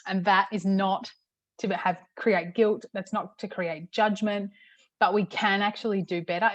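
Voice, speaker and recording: A middle-aged woman, a parenting coach, teaching in a casual, chatty way with many "okay"s and a slightly hoarse throat. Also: lowish voice, no room sound, dull audio. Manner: chatty, repeats "okay" often. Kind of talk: casual talk-to-camera teaching.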